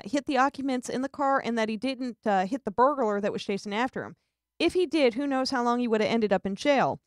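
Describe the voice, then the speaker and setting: A woman's voice: on the high side, no room sound, studio quality. A woman hosting a casual live-streamed talk show, chatting and telling jokes with a giggly, easygoing manner and frequent restarts. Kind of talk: casual chat.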